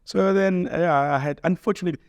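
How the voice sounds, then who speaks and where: A man's voice: high voice, brisk, clean tone, no echo. Man telling radio stories. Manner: lively, acts out quoted dialogue. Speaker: radio host, guest. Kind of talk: casual storytelling interview.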